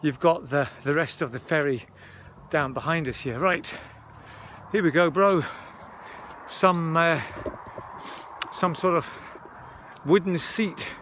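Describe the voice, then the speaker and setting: A man's voice: a little high, slow pace, fairly bright tone, slight background noise. A man giving rambling, chatty commentary outdoors on a wooded hill, out of breath as he walks. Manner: chatty, rambling, self-interrupting. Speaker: vlogger. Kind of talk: walking vlog commentary.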